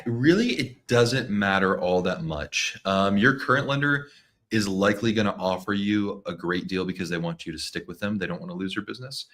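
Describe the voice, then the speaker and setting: A man giving mortgage advice as a guest in a livestream, relaxed and full of fillers. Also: on the low side, normal speed. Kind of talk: casual livestream chat.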